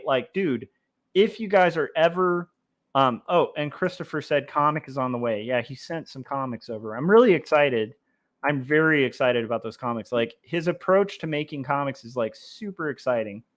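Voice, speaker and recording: A man's voice: mid-range voice, a bit bright. Rambling man chatting on a drawing stream. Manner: rambling, many fillers and restarts, reading chat aloud. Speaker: livestream host drawing comics. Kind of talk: casual chat while drawing.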